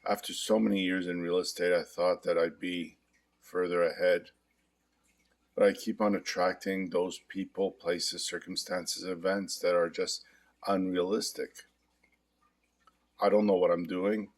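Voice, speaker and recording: Middle-aged guy, super low voice, pretty monotone, calm confessional tapping demo. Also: a little slow. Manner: calm, confessional, repetitive affirmations. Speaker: hypnotherapist demonstrating tapping. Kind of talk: guided self-help demonstration.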